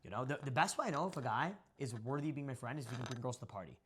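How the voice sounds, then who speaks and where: A man's voice: medium pitch, lively intonation, rapid-fire, slightly rough. A young man talking as a guest on a podcast, boastful, brash and profane. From Indian descent. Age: young adult. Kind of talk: casual podcast talk.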